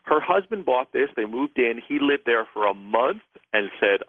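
A man's voice: mid-range voice, very animated, normal speed, no room sound. A man, a guest author and psychic, telling a rambling story with many restarts during a radio interview. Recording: tinny phone line.

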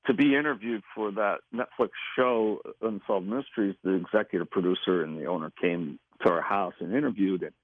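Man with a gravelly voice on a phone line. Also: mid-range voice, no room sound. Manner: halting, repeats words, laughs between phrases. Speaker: guest recounting an experience. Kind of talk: casual storytelling interview.

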